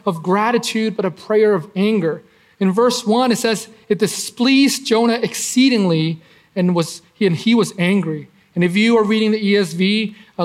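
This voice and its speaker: A preacher offers conversational Bible teaching in an earnest, high-sitting voice. He poses rhetorical questions and frequently restarts his phrases.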